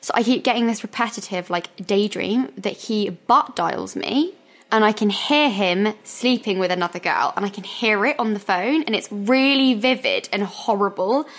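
A woman's voice: medium pitch, normal speed. Chatty young woman, laughing often. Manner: chatty, laughs through her stories. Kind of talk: casual chat.

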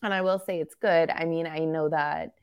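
A woman's voice: sits low, steady tone, normal speed, clean tone, highs cut off. A woman co-hosting a sports podcast, talking in a candid, joking and rambling way in casual chat, with a slight cough. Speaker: podcast co-host.

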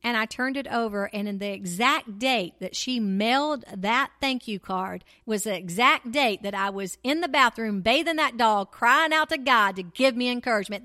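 A middle-aged woman, hosting a talk show and telling a faith testimony in an animated, preacherly way that rises into excited exclamations. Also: fairly high pitch, moderate pace, hardly any pauses. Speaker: podcast host.

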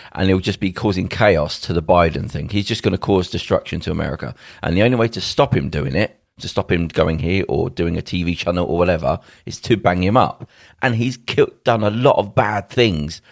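A man's voice: sits low, vocal fry, no echo, studio quality. A man co-hosting a podcast from home over a video call, rambling emphatically and acting out what people might say. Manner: rambling, emphatic, acts out quotes. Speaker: podcast co-host. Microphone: home mic on a video call.

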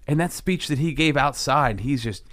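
A man in his thirties co-hosting a podcast, talking casually and retelling a story in a rambling, animated way. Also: mid-range voice, normal speed. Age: 30s. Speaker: podcast co-host. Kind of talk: casual faith podcast chat.

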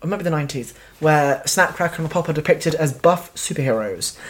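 A woman's voice: deep voice, animated, brisk. Giggly woman with a Cornish accent. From Cornwall. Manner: giggly, reads facts aloud, rambling. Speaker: podcast co-host. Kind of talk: casual chat.

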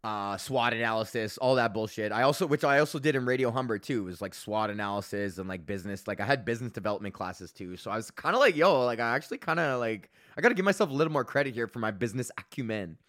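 A young man, hosting a podcast in a casual, profane rant, animated and mocking the people he quotes. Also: medium pitch, quick pace, hardly any pauses. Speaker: podcast host.

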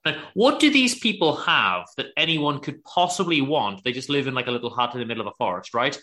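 A man co-hosting a podcast, telling a story in a sarcastic, animated way. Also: mid-range voice, fairly quick, hardly any pauses. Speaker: podcast co-host. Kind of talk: casual chat reviewing a show.

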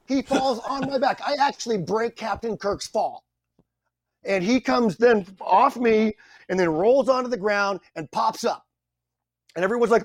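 A middle-aged man, a guest actor, telling stories on a podcast in an animated, self-deprecating way. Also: very high-pitched, no echo. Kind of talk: anecdotal storytelling.

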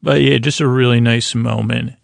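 A man hosting a sleep podcast, recapping a TV episode in a soft, meandering way with many fillers and restarts. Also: medium pitch, steady tone, normal speed, creaky, dry recording.

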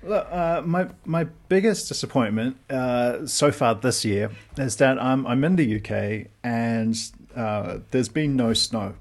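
A man's voice: mid-range voice, measured pace, hardly any pauses. A man from the Pacific region, a guest comedian telling a mock-outraged story in casual podcast chat.

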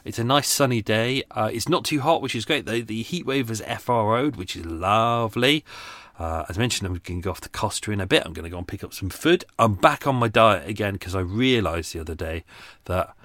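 A chatty middle-aged man rambles through podcast news, full of ums and restarts. His voice sits on the lower side, and the sound is dry and close, with no room around it. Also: brisk, fairly bright tone, no room sound. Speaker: podcast host. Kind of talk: casual chat. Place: outdoors by a canal boat.

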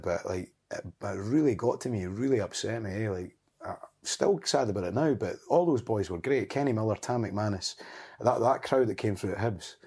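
Scottish man, forties, husky and quick, rambling raconteur. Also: on the low side, darkish tone. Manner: rambling, laughs often, swears. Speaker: podcast guest. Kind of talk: casual storytelling chat.

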